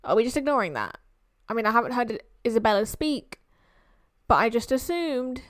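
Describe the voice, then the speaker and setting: A young woman with a British accent reacts to a film in a chatty, teasing way. Her voice sits high. The sound is close and dry, with no room around it. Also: lively intonation, normal speed, no echo. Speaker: movie reaction host. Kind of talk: casual reaction commentary.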